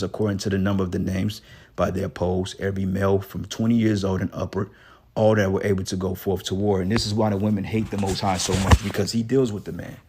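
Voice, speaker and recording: A man reading scripture aloud and breaking into blunt, profane commentary, often tagging his lines with "okay" and "man." He reads single words slowly, giving each one weight. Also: on the low side, darkish tone, a little hiss or hum. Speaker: scripture teacher.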